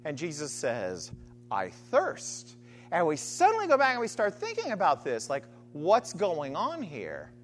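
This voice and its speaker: A woman delivers a sermon with pitch that leaps wildly between high and low. She asks rhetorical questions and circles back to repeated refrains. Her voice rings out with a long reverb, as in a large hall. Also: wildly swooping pitch, normal speed, few pauses, soft background music. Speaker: preacher.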